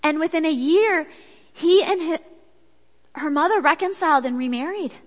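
A woman giving a sermon with a personal story, in a chatty, animated way that acts out quotes. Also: sits high, moderate pace. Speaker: speaker at a church gathering. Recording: echoey hall.

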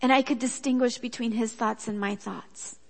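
A woman giving a sermon with a personal story, in a chatty, animated way that acts out quotes. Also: a little high, moderate pace, creaky. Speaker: speaker at a church gathering. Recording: echoey hall.

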